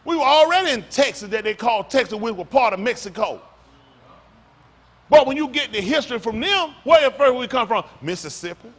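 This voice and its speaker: A male pastor preaching loudly and quizzing his congregation, asking questions and calling on listeners. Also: very high voice, expressive, fairly quick. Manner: loud, rhetorical, questions the congregation. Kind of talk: sermon with audience back-and-forth. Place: congregation hall.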